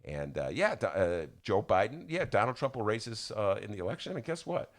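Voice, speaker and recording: A man's voice: fairly low pitch, big pitch swings, brisk. A man giving an indignant, stumbling political rant on a talk podcast, recorded at a studio microphone. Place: radio-style studio.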